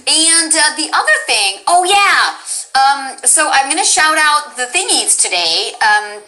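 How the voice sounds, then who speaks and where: A woman voice actress hosting a casual livestream chat, bubbly and quick to laugh, with plenty of fillers. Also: high voice, sing-song, bright, forceful tone, poor audio. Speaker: voice actress and stream host.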